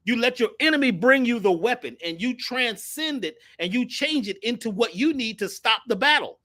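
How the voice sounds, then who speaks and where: A man's voice: very high-pitched, lively intonation, normal speed, sharp tone. A man telling stories animatedly as an interview guest, acting out the voices in his stories and dropping slang as he goes. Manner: acts out quoted voices with slang. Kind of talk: animated storytelling.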